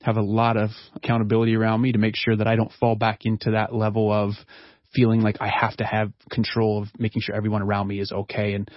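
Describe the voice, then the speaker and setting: A man's voice: on the low side, completely flat delivery, dry recording. Earnest counselor guy talking it through, restarts a lot, dry slightly muffled mic. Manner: earnest, reflective, halting restarts. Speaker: counselor and guest. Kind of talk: personal storytelling in an interview.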